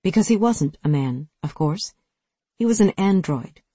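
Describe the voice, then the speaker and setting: A narrator reading a sci-fi action novel aloud, in steady, dramatic storytelling. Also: medium pitch, measured pace, slightly rough, dry recording. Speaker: audiobook narrator. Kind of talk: scripted narration.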